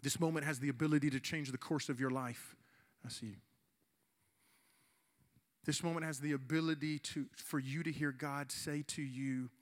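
This forties-aged man, a youth pastor, pleads with his listeners during an earnest sermon and altar call, drawing out words to stress them. His pitch runs fairly high, though his intonation stays mostly even.

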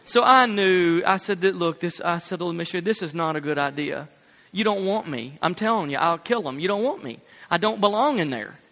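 A man preaching a sermon, telling a personal story in an animated way and laughing at his own jokes. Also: high-pitched, brisk, big-room sound.

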